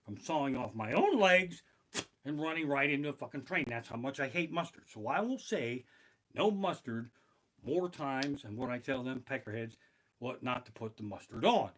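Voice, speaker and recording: A man performing a profane stand-up comedy set, streamed live from his living room, breaking into shouted bursts of panic. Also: mid-range voice, lively intonation, normal speed. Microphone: basic home streaming mic.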